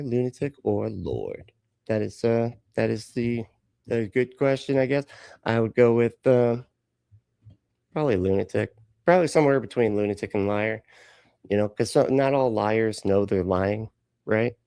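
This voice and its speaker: A man's voice: on the low side, vocal fry, darkish tone, no room sound. A man hosting a live reaction stream, joking and sarcastic, laughing often and greeting chatters by name. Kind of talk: casual live-stream chat.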